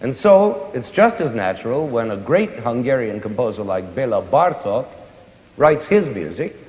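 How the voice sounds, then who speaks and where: A man explaining music to a young audience in a concert hall, now and then singing or humming examples. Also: medium pitch. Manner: animated, sings and hums examples. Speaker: conductor giving a concert lecture. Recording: roomy concert hall with long reverb.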